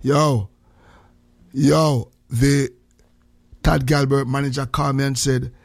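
A man's voice: mid-range voice, level tone, slow, creaky, no echo. A man with a Jamaican accent hosting a casual morning radio show, joking in heavy patois and greeting listeners. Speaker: radio host.

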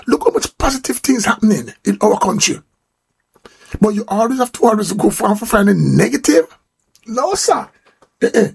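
Jamaican male radio host, emphatic and chatty, somewhat high voice with lots of gravel. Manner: emphatic and conversational, peppered with "you know". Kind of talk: radio talk show monologue.

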